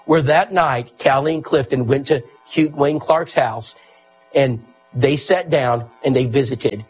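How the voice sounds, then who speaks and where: Earnest husky preacher man. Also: mid-range voice, a little slow, faint music behind, rough recording. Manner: earnest, emphatic, quotes people in the story. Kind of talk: sermon storytelling.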